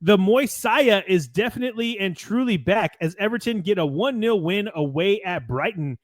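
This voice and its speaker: A man's voice: high voice, expressive, moderate pace, no room sound, studio quality. An American man co-hosting a podcast, chatting casually and a bit ramblingly, reading out match notes and swearing now and then. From United States. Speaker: podcast co-host. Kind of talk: casual sports chat.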